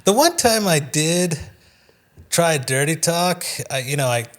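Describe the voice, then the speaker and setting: A man's voice: a little high, animated, a little slow, fairly bright tone. A man hosting a casual comedy podcast, joking and laughing often as he talks. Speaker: podcast host.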